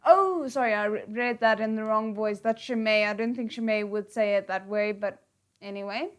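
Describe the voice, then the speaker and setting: A woman streaming a live read-aloud of comics, breaking off to react in an animated, exclaiming way. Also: medium pitch, normal speed, smooth.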